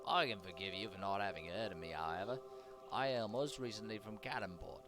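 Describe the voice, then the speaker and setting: A man's voice: fairly low pitch, fairly quick, natural voice. A man voicing a boastful, talkative halfling rogue, his accent wavering between British, Irish and Australian. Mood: cocky. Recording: game music behind.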